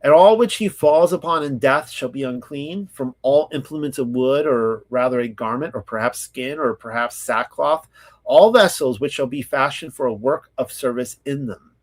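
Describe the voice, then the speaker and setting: A man in the middle of his range hosts a scripture study, reading the text out deliberately and then breaking into relaxed, rambling commentary. He grew up in California and talks with plenty of fillers and self-corrections. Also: mid-range voice. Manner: reads slowly, then chats loosely with many fillers. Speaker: Bible study host.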